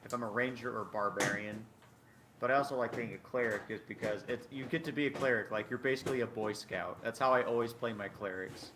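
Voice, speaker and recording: A young man co-hosting a podcast in casual chat, rambling and excitable with lots of fillers. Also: medium pitch, a little fast. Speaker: podcast co-host. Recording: noisy recording.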